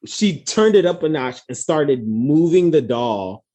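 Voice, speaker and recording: A man co-hosting a podcast, telling a story in an expressive, giggly way. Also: on the high side, a little slow. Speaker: podcast co-host. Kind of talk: casual chat.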